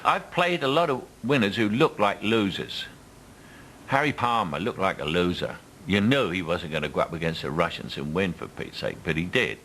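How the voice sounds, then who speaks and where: Deep-voiced older Cockney man telling stories. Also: big pitch swings, moderate pace, a bit bright, a little hiss or hum, rough recording. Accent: Cockney London. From England. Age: 70s. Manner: storytelling, mimics others in quotes. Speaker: interviewee actor. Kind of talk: casual anecdotal chat.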